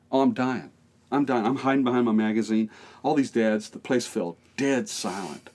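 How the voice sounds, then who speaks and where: A middle-aged American pastor telling a lively story in a podcast interview, acting out the voices in it and often laughing. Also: male voice, mid-range voice, moderate pace.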